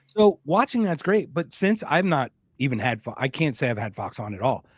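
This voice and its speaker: A man co-hosting a podcast in casual chat, excitable and sarcastic, swearing often. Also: medium pitch, normal speed, dry recording. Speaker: podcast co-host.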